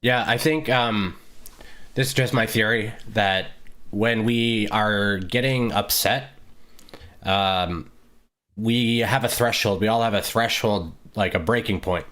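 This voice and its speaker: A man's voice: lowish voice, slow, a bit bright. A man co-hosting a casual podcast conversation, talking in a reflective, rambling way with many fillers and restarts. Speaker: podcast co-host.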